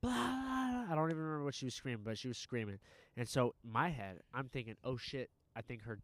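A man's voice: mid-range voice, fast talker, no echo. Guy swearing his way through a wild story, filler words everywhere, dry sound. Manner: profane, animated storytelling with many fillers. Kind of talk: casual chat.

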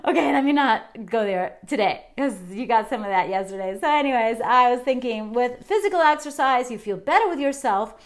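A woman's voice: on the high side, animated, normal speed, hardly any pauses. A middle-aged woman hosting a fitness podcast, talking casually and cheerfully straight to her listeners. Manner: chatty, upbeat, addresses listeners directly. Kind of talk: casual wellness talk.

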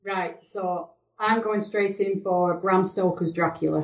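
A woman's voice: medium pitch, steady tone, unhurried. A woman co-hosting a casual film chat, enthusiastic and agreeable. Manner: enthusiastic, agreeable, laughs often. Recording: dull lo-fi recording.

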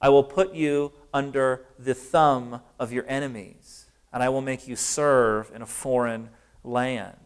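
A man preaching a sermon in an earnest, emphatic way, slowing down to stress key phrases. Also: medium pitch, steady tone, clear, resonant tone.

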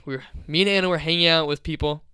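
Young man, smooth dry voice, rambling. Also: fairly high pitch, steady tone, very fast, bright, forceful tone, no room sound. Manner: rambling storyteller, swears freely. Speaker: podcast co-host. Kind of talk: casual chat.

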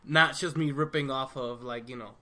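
Bright-voiced joking podcast guy. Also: mid-range voice, normal speed. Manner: animated, joking, often laughing. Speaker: podcast co-host. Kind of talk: casual banter.

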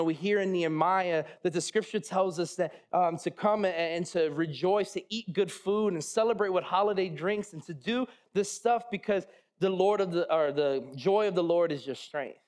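High-pitched guy in his 30s preaching, chatty and jokey, lots of restarts. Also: darkish tone. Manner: casual, joking, with many restarts and asides. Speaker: pastor. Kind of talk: sermon.

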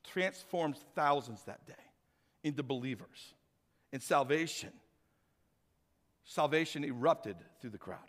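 A man's voice: a little high, measured pace, long pauses. A male pastor preaching a sermon with energy, talking straight to his congregation. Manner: energetic, animated, addresses congregation directly. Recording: reverberant hall.

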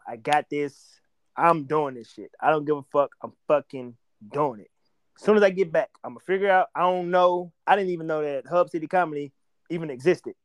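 A man, a stand-up comedian telling stories as a podcast guest in an animated, profane way. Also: on the high side. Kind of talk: casual storytelling chat.

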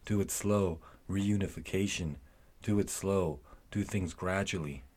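A man with a deep, husky voice reads song lyrics aloud for a podcast. His delivery is dramatic and it swells with intensity as the verses go on. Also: a little slow, a little mellow. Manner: declaims with rising intensity. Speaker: co-host reading lyrics.

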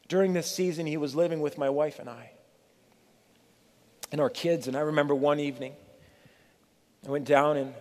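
A middle-aged man preaching a sermon as a pastor, earnest and pleading, with dramatic pauses. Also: a little high. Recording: long reverb of a church hall.

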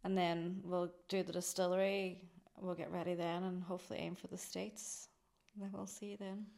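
A woman's voice: on the low side, little pitch movement, moderate pace, creaky, a little mellow. A woman from Ireland, a company founder, chatting in an interview, rambling and laughing often. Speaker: guest, drinks company founder. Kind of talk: casual interview chat.

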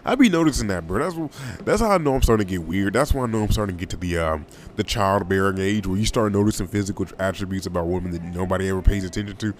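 A young man hosts a casual solo podcast in a low voice, talking fast. He's loose, rambling and slangy, often repeating himself, and there's a little hiss or hum on the recording.

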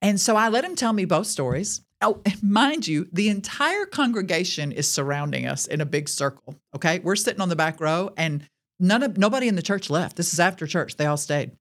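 A Christian woman shares her personal faith testimony on a podcast, earnestly speaking straight to her listeners. Her voice is fairly low, with lively intonation and a slightly quick pace.

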